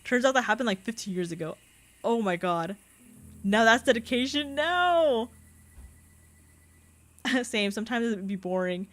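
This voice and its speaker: A woman's voice: fairly high pitch, expressive, moderate pace, pauses often. A young adult woman streaming a game, chatting casually and laughing often as she reads chat. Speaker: VTuber streamer. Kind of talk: casual live-stream chat while gaming.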